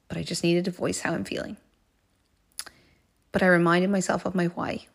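A woman's voice: lowish voice, moderate pace, creaky, pauses often, slightly rough. A woman hosting a life coaching podcast, telling a personal story in an earnest, heartfelt way and repeating phrases for emphasis.

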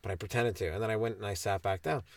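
A man's voice: fairly low pitch, fairly even intonation, very fast, vocal fry, no echo. A man from Ontario, hosting a comedy podcast in a rambling, crude, ironic monologue that keeps interrupting itself. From Ontario, Canada.

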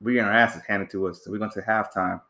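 A man's voice: fairly low pitch, fairly even intonation, fast, sharp tone, reverberant. A young adult man hosting a podcast, telling laid-back stories full of slang and swearing in casual chat. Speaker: podcast host.

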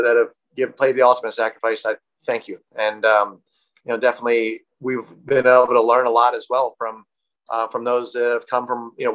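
A man as a guest on an interview podcast, rambling and halting with many fillers and restarts. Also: medium pitch, fairly bright tone, low-quality recording. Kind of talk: casual interview talk.

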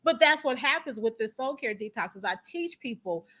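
A woman guest, a company founder and coach, chatting casually and telling animated personal stories. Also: on the high side, moderate pace. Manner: animated, emphatic storyteller.

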